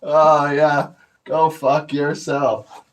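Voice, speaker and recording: A man's voice: a little high, little pitch movement, extremely slow. A man, telling boastful, profane stories to his viewers in a casual rant. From Canada. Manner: profane, boastful storytelling, laughs a lot. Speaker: channel host.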